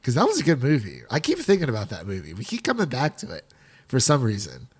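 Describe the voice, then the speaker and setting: A man's voice: mid-range voice, huge pitch swings, fast, husky. A man hosting a film podcast with a mid-range voice, talking in an upbeat, loose, conversational way. He laughs easily and jumps between topics. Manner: upbeat and chatty, laughs often. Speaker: podcast host. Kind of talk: casual podcast chat.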